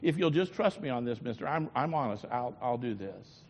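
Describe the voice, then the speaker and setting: A man's voice: mid-range voice, expressive, brisk, a little mellow, a little hiss or hum, voice pushed down, close to an everyday voice. A man voicing an earnest young boy who pleads sincerely in a sermon story. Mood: pleading. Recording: dull lo-fi recording in a long-echoing hall.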